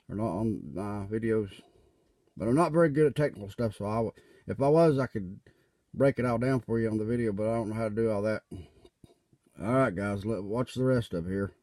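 A man's voice: medium pitch, darkish tone, dry recording. Earnest man preaching to his viewers. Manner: earnest, rambling, repeats words, preaching to viewers. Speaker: religious video maker. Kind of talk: casual religious video talk. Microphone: tablet mic.

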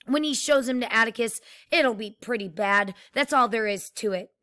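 A woman's voice: fairly high pitch, normal speed, bright, forceful tone. A woman reading the lines of an anxious young girl pleading with her brother. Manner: plain read-aloud dialogue.

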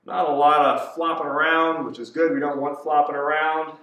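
A man working as a fitness trainer, calmly cueing a kettlebell routine step by step. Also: on the high side. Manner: cueing movements step by step, slow and deliberate. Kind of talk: instructional exercise demonstration. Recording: echoey room, voice from far off.

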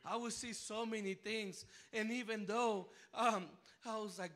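A man preaching a personal testimony to a church, emotional and full of repeated words and restarts, rising to near shouting at the high points. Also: steady tone, a little slow, few pauses. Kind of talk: sermon testimony. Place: church sanctuary.

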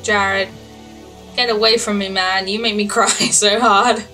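A woman's voice: medium pitch, measured pace, distant mic, faint music behind, low-quality recording. A woman playing a video game, commenting as she goes, yelping at the action and reading signs aloud. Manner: excitable, yelps and swears at the game, reads signs aloud. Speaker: gamer. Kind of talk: let's play commentary.

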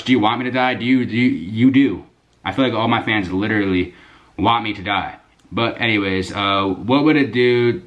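A young man chatting casually to camera at home, rambling and excitable, swearing freely. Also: on the low side. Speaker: YouTuber. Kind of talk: casual vlog chat to camera. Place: indoors at home, bedroom.

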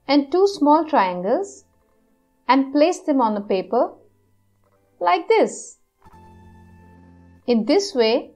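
A woman's voice: high voice, darkish tone, full character voice. A woman voicing a clever, patient tortoise who explains step by step how to cut and arrange shapes. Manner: step-by-step instructional.

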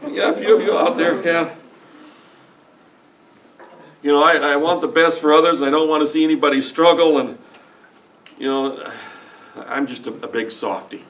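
A man's voice: a little high, moderate pace, pauses often, slight background noise. Middle-aged pastor guy preaching, emotional and folksy, sounds a bit far from the mic. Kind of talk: sermon. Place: church sanctuary.

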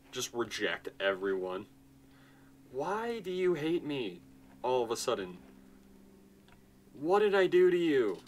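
A man's voice: mid-range voice, sing-song, takes it slowly, long pauses, slight background noise. A man casually commenting on his strategy game as he plays, nonchalant and chatty, talking to himself and sounding tired. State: tired, yawning. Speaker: gaming channel host. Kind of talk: casual let's-play commentary.

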